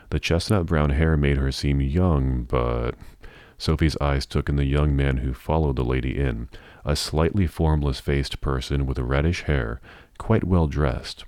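A man narrating a novel in a measured, even storytelling manner. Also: extremely low pitch, dry recording. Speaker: audiobook narrator.

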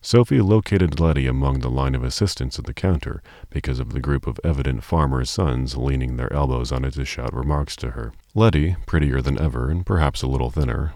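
A man narrating an audiobook in a calm, measured storytelling manner. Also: extremely low pitch, dry recording, clean studio sound.

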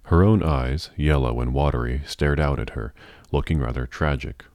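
An audiobook narrator with an extremely low voice reads a novel in a measured, even storytelling style. The studio sound is clean, with no room sound.

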